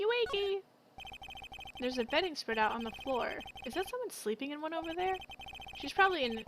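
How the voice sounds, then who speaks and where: A woman's voice: a little high, noisy background. A woman streamer reading a game's dialogue aloud in a casual, musing way. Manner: casual, soft, muses aloud. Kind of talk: reading game dialogue aloud, let's play. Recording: game music playing behind.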